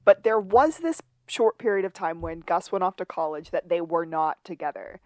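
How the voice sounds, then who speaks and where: A lower-pitched woman co-hosts a rewatch podcast and walks through the scenes with chatty, playful asides. Her voice sits close and dry, with no room sound around it. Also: normal speed, darkish tone, no echo. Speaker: podcast co-host. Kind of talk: casual rewatch recap chat.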